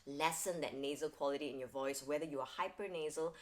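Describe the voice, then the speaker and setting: A young woman vocal coach giving an upbeat, clear singing lesson to camera. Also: low voice, fast talker.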